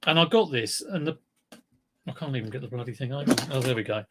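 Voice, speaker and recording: A man's voice: mid-range voice, fast, noisy background. A man hosting a casual live stream, chatty and rambling, telling dad jokes.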